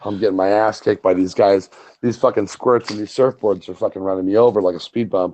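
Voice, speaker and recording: Profane, animated man on lo-fi audio. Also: fairly low pitch, brisk, slight background noise. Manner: animated storyteller, swears a lot. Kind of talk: casual profane chat. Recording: muffled lo-fi audio.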